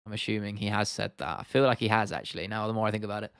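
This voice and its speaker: A man's voice: fairly low pitch, very fast, gravelly, fairly bright tone, smooth, no echo, studio quality. Rambling man hosting a livestream. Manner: rambling, swears freely, lots of restarts and fillers. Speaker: MMA livestream host. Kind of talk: casual livestream chat, reading out viewer comments.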